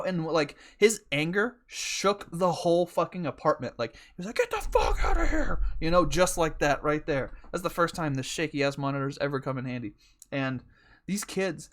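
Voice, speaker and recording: Podcast host, man, slightly higher voice, casual profane storyteller. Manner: profane, rambling, joking.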